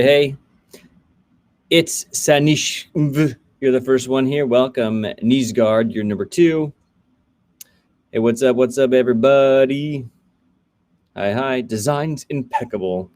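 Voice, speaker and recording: A man's voice: medium pitch, darkish tone. Casual male host, 30s, running a coding livestream and greeting viewers by name.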